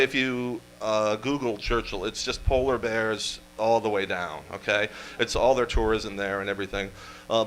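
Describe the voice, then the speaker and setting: A man tells a comic history story to a live audience, slipping in dry, deadpan asides. His voice sits at an ordinary middle pitch. A faint hum runs under the recording. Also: poor audio. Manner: wry, deadpan asides with quick jokes. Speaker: storyteller presenter. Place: event room with live audience.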